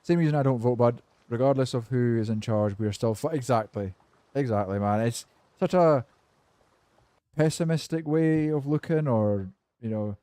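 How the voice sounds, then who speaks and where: A man with a warm, mellow voice talks to his stream viewers in loose, rambling chat, swearing easily and answering their messages. His tone is laid-back and cynical. The sound is dry and close, with no room around it. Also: medium pitch, dry recording. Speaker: game streamer chatting with viewers. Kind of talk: casual live-stream chat.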